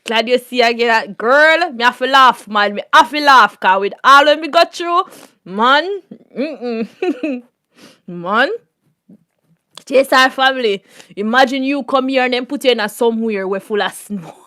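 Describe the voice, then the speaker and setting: A Jamaican woman tells a casual vlog story in a bright, forceful voice that sits a little high. Her tone is crisp and smooth, and she breaks into laughter again and again. She keeps returning to the same patois catchphrases. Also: unhurried. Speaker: YouTube host.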